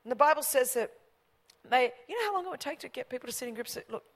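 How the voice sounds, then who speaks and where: A middle-aged woman preaching a sermon, joking and storytelling, dropping to a hush and then building up loud. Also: high-pitched, quick pace, in a large hall. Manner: animated, humorous storytelling with swings from hushed to loud.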